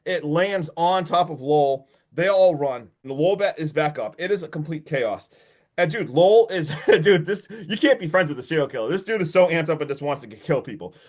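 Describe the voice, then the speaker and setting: Podcast co-host, male, slightly high voice, animated and profane, rambling recap. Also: fairly quick. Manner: excited, swears a lot, many fillers. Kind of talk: casual movie recap.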